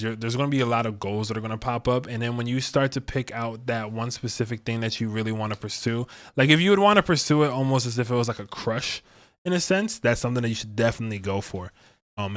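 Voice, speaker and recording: Male astrologer, casual rambling delivery, mid voice. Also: mid-range voice. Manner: rambling, slangy, chatty. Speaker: astrologer and tarot reader. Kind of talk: casual livestream reading.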